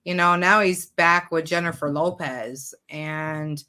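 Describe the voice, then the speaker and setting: Low-voiced chatty woman co-host. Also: fairly even intonation, slow, sharp tone. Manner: chatty and heartfelt, loose grammar. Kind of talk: casual show chat.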